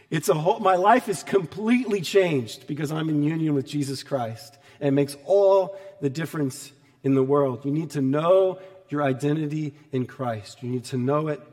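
A man's voice: a little high, a little mellow, big-room sound. A man, a pastor, preaching a sermon in a conversational, storytelling way, with emphatic repetition.

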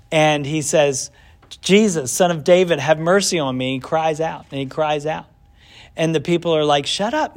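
A man teaching a casual Bible lesson who asks the class questions, answers them himself and acts out bits of the story. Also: on the high side. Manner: animated storytelling with acted-out asides.

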